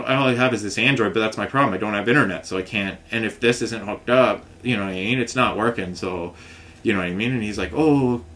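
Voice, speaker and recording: A young man rambling through a frustrated complaint story in casual vlog talk, often slipping into higher voices for the people he quotes. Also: fairly bright tone. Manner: rambling, frustrated, mimics others with raised pitch. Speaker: vlogger telling a complaint story.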